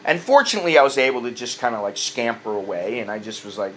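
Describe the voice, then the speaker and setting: A man's voice: medium pitch, fast, few pauses, a bit bright, a little hiss or hum. A man telling stories in a casual, blunt rant, swearing freely and restarting his sentences often. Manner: blunt and profane, with frequent restarts. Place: living abroad in Southeast Asia.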